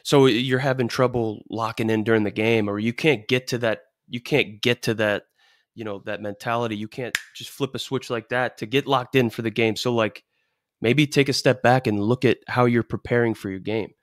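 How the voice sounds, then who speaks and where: A man's voice: mid-range voice, steady tone, moderate pace, dry recording, clean studio sound. A man co-hosting a podcast, giving emphatic advice full of rhetorical questions and "dude.". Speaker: podcast co-host. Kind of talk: casual coaching advice chat.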